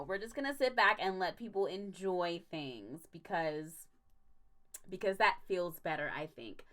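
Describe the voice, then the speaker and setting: A young adult woman hosts a casual livestream and rants hard. She swears for emphasis and breaks into laughter. Her voice sits at a middle pitch. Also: bright, forceful tone. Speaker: stream host.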